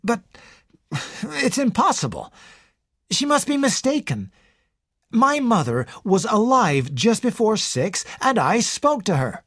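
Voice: medium pitch, sing-song, slow pace, husky, no echo, studio quality, voice pushed up, heavily acted. A reader voicing a tense, stammering young man. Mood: protesting. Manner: stammering, pleading. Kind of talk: audiobook character reading.

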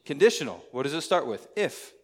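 A man's voice: mid-range voice, very animated, brisk, slightly rough. Conversational man preaching a sermon. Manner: conversational, asks the congregation questions. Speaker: pastor.

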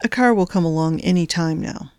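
A woman voicing a weary young man who speaks in a flat, wry way. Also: on the low side, fairly quick, smooth, no room sound, studio quality, close to an everyday voice.

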